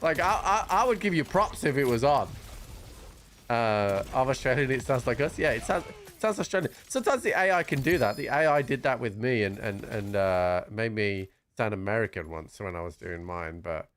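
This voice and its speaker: A British man chatting casually while streaming a game, chatty and quick to laugh. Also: medium pitch, animated, fairly bright tone, slight background noise. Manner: chatty, laughing, restarts often. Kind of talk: casual livestream chat.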